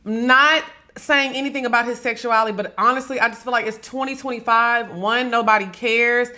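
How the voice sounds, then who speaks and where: Sassy bright-voiced woman podcast host. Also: fairly high pitch, steady tone, fairly quick. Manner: sassy, blunt, swears freely, dramatic. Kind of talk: casual gossip commentary.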